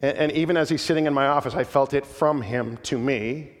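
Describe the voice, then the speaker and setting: A man's voice: mid-range voice, a little fast, long reverb tail. A man preaching a sermon as pastor, earnest and emphatic, often repeating words as he restarts.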